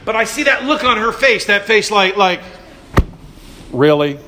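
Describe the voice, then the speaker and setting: A man's voice: high voice, moderate pace, pushed and bright, slight background noise. A male pastor preaching a sermon, emphatic and drawing call-and-response from the congregation.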